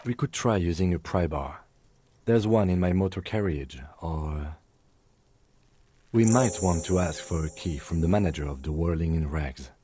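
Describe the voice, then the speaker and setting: An actor playing a calm, precise police lieutenant who speaks in a measured, formal way, with a low, slightly husky voice. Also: male voice. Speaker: detective partner.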